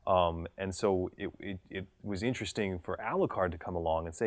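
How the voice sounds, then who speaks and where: A voice actor from the United States with a mid-Atlantic accent, speaking in an articulate, measured and slightly elevated way in an interview. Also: male voice, low voice, dry recording.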